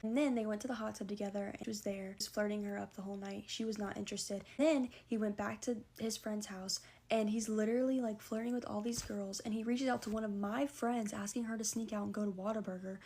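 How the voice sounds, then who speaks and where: Young woman, storytime vlogger, rapid chatty delivery, average pitch. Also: fairly even intonation, dark tone. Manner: fast, breathless retelling full of "like". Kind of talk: storytime vlog.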